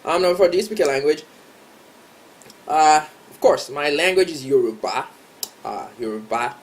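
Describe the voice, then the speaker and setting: A young Nigerian man with a Nigerian accent, chatting casually in a vlog, relaxed and rambling with lots of ums. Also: a little high, moderate pace, pauses often. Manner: relaxed and rambling, many ums and you-knows. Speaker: vlogger. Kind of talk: casual tag video chat.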